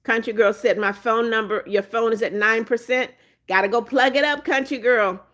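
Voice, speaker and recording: This woman's voice runs high with fairly even intonation, a moderate pace and a fairly bright tone. Hosting a phone livestream from Florida, she reads viewers' comments aloud, thanks each by name, chats away and firmly enforces her rules.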